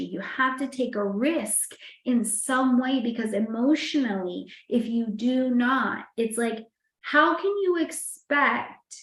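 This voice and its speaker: A woman astrologer giving a casual weekly horoscope talk, chatty and animated, often checking in with "you know" and "right?". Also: on the high side. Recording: echoey room.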